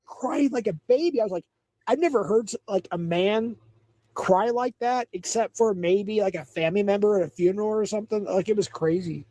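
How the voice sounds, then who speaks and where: A man's voice: high-pitched, a little fast, dark tone, no room sound, low-quality recording. A man hosting a livestream, chatting casually, gossipy and mocking, repeating himself. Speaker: livestream host.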